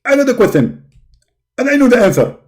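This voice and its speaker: A man putting on the voice of a stubborn male preacher who shouts and keeps repeating himself. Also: extremely high pitch, big pitch swings, fairly quick, voice pushed up. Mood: insistent.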